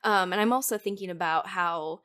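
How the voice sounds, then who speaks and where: This is a young woman hosting a podcast, speaking in a slightly low, easygoing voice. She sounds enthusiastic and affirming, with a faint hoarseness as her voice starts to give out. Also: normal speed, fairly bright tone. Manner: enthusiastic, affirming, frequent agreement. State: losing her voice. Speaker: podcast host. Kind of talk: casual conversational interview.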